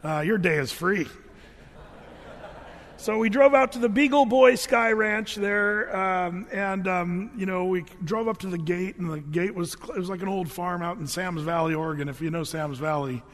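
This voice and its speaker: A man's voice: sits high, normal speed, hardly any pauses, long reverb tail. A middle-aged man telling a humorous personal story to an audience, in a loose, rambling way that often restarts its sentences. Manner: loose, rambling, self-correcting.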